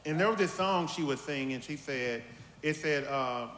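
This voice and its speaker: A middle-aged man, telling candid family stories on a church panel and acting out his mother's voice with lively quotes. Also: a little high, moderate pace. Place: church hall. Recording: echoey hall with faint ambience.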